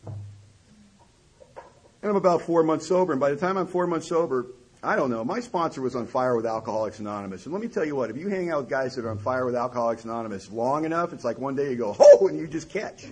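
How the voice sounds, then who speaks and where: A middle-aged man with a husky, slightly rough voice tells a long personal story to an audience. His delivery is wry and self-mocking. His pitch swings widely from line to line. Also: animated, fast, poor audio. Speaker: recovery speaker.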